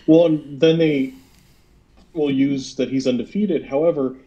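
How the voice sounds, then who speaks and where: Man, co-host, wrestling chat, mellow dark voice, measured, lo-fi call audio. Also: medium pitch, fairly even intonation. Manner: measured, agreeable, reasoning aloud. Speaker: podcast co-host. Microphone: online call.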